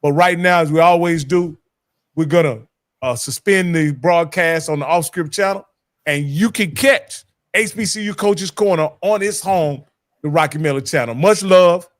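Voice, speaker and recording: Easygoing man hosting sports talk, slightly high voice, dry close sound. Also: moderate pace, no echo. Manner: easygoing, addresses viewers directly. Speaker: show host.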